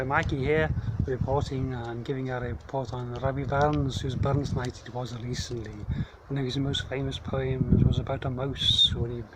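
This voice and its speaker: A man, reciting a poem outdoors in a slow, measured reading. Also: mid-range voice. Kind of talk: poetry recitation. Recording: noisy outdoor recording.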